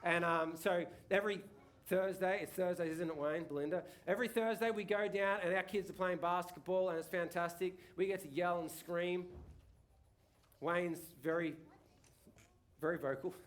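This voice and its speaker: Chatty pastor with a high voice. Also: male voice, fairly even intonation, moderate pace. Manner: chatty, rambling with many restarts and tag questions. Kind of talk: casual sermon. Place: church hall.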